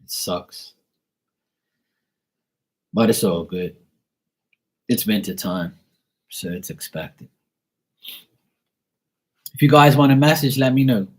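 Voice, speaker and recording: Joking, low-voiced man chatting live. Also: expressive, slow, long pauses. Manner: playful, joking, boastful banter with viewers. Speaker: live tarot reader responding to chat. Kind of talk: casual live-stream chat.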